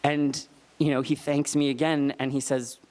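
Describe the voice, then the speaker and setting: Live on stage at a storytelling night, a man shares a personal story into a stage microphone. He is candid and earnest, retelling dialogue with lively emphasis. His pitch sits fairly high and he talks at a normal speed.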